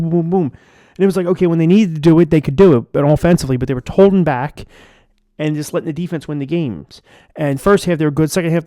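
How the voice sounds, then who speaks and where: A man's voice: fairly high pitch, warm tone, dry recording, clean studio sound. A man giving a frustrated, profane, rambling rant as a sports fan vlogger. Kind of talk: ranting fan commentary.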